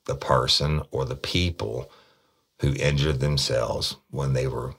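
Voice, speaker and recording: A man telling a true-crime story from his days as a detective, blunt and profane, acting out the people he quotes. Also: rumbling low. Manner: blunt, profane, animated when quoting people. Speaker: podcast storyteller, former detective.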